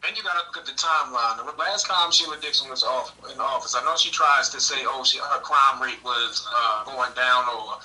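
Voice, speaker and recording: A man's voice: mid-range voice, fairly quick, few pauses, sharp tone, distant mic, low-quality recording. A man speaking as a campaign manager on a political podcast, earnest, often repeating and restarting his words.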